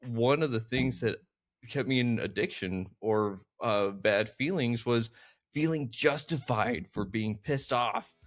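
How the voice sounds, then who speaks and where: On a podcast he hosts, a man shares personal reflections in a casual chat, speaking slowly in a mid-range voice. His tone is reflective and his speech is full of fillers like "like."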